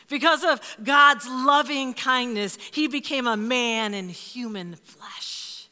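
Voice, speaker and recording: Woman pastor, 50s, emphatic sermon delivery, slightly high pitch, reverberant hall. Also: a little slow, few pauses. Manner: expressive, emphatic, dropping to hushed asides. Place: church.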